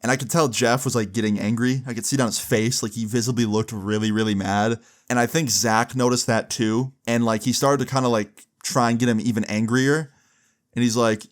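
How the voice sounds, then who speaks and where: A man's voice: mid-range voice, fairly even intonation, a little fast. A young man telling a casual story full of crude slang, filling his talk with "like". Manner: crude, casual, many "like" fillers.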